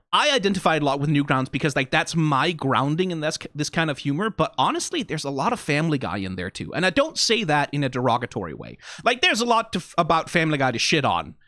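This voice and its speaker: A man's voice: fairly high pitch, pushed and bright, no echo, clean studio sound. Rambling man reviewing a cartoon. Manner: rambling, full of restarts and "like". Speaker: video reviewer. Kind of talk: casual commentary.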